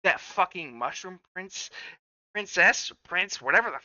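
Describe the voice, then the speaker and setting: A woman's voice: lowish voice, animated, a little slow, sharp tone, no room sound, exaggerated voice. A woman voicing a blunt, hot-tempered male fighter who rants and swears constantly. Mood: angry ranting. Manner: profane ranting. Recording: dry, dull lo-fi audio.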